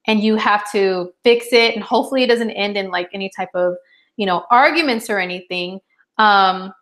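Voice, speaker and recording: A woman in her thirties, an astrologer, chats casually about horoscopes in a mid-range voice at a moderate pace. She's chatty and animated, acting out little dialogues and laughing often.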